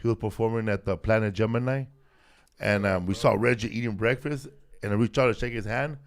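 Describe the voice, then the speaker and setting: A man's voice: lowish voice, brisk. Slangy laid-back man. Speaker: podcast host. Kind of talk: casual chat.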